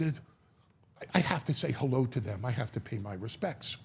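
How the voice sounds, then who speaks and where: A middle-aged man telling stories in a sit-down interview, animated and prone to repeating words, acting out the voices of the people he quotes. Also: medium pitch, normal speed, gravelly, slightly rough. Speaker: guest.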